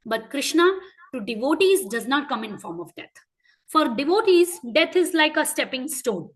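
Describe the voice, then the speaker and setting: A woman with an Indian English accent teaching a class of children, asking them frequent questions and telling stories in an animated way. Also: sits high, normal speed, rough recording. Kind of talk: interactive lesson for children.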